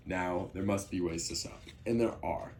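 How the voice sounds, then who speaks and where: A man's voice: sits low, normal speed, a little mellow, slight background noise. A young man giving an earnest persuasive speech, with frequent ums and restarts. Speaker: student speaker.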